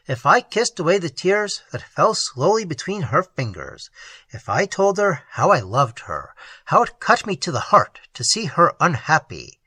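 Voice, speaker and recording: Expressive, breathy audiobook narrator. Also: no room sound. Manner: expressive reading with sweeping pitch swings.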